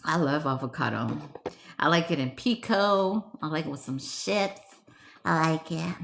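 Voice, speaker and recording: A woman's voice: low-pitched, expressive, a little slow, creaky, a bit bright, a little hiss or hum. Giggly woman hosting a livestream. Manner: giggly, laughs often, switches between English and Spanish; playful and teasing. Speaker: livestream host reading chat. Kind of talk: casual livestream chat.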